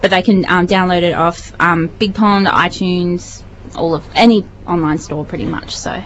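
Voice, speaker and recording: A woman's voice: fairly low pitch, fairly even intonation, normal speed, a little hiss or hum. A young Australian woman, a singer guesting on a radio show, chatting casually and telling stories with lots of giggles. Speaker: singer in a duo, studio guest. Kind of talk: casual radio interview chat. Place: radio studio. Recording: dull lo-fi radio recording.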